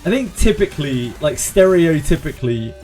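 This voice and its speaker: A man's voice: a little high, big pitch swings, moderate pace, a little mellow, soft background music. A man with a West Country English accent chatting casually and joking as he streams a game, laughing often. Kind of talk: casual live-stream commentary.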